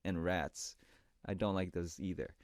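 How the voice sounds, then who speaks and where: A man hosting a radio show, chatting warmly and reading listener messages on air. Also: deep voice, fairly even intonation, measured pace, no room sound, studio quality. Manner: upbeat and chatty, reads messages in a brighter voice. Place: radio studio.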